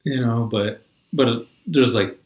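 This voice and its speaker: A man's voice: mid-range voice, takes it slowly, roomy sound, lo-fi sound. A man in casual chat, talking in a rambling, profane way full of "like" and "you know".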